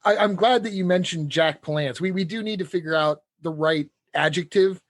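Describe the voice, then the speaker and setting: A man from California co-hosting a movie podcast, joking wryly with quick quips. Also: sits high, no room sound, clean studio sound. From Redlands, California. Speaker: podcast co-host. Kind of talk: casual movie podcast chat.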